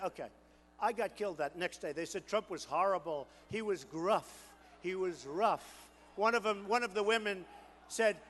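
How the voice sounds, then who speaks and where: A man giving a campaign rally speech, boastful and repetitive, riffing to the crowd and building to shouted crescendos. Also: high-pitched, moderate pace, big-room sound, slight background noise. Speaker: political candidate at a rally.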